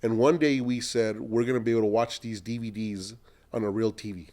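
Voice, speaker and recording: A middle-aged man, an entrepreneur, telling long animated anecdotes in a podcast interview and acting out what other people said. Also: fairly low pitch, a little fast. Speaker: entrepreneur guest.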